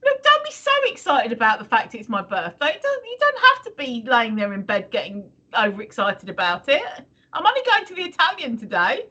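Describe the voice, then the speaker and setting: High, bright, sweary woman co-host. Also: huge pitch swings, a little fast, dull audio. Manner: chatty, sweary, teasing. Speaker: stream co-host. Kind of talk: casual live-stream chat.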